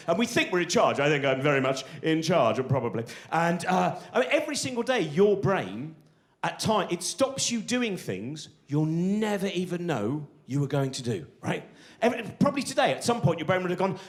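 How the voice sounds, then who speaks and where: A middle-aged comedian telling stand-up stories, excitable and acting out the voices of people in them. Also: male voice, sits high. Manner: animated, excitable, acts out voices of people in his anecdotes. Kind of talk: stand-up storytelling.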